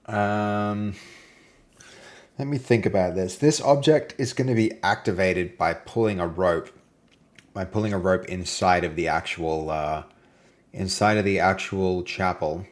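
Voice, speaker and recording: Low-voiced Australian man chatting while coding. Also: a little slow. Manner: chatty and playful, trailing off into low mutters while reading. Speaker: game developer streaming live. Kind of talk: casual live-stream chat while coding.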